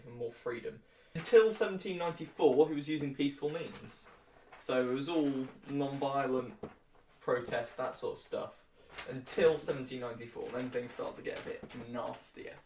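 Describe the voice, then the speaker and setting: A man's voice: mid-range voice, creaky, reverberant, far from the mic, slight background noise. A young man giving a casual history lecture with jokey, flippant asides. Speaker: history tutor.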